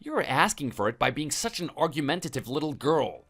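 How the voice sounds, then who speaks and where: A man's voice: a little high, sing-song, a little fast, fairly bright tone, soft background music, full character voice. A synthetic male voice reading a hot-tempered, threatening husband in a text-message story, defensive and contemptuous. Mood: scornful.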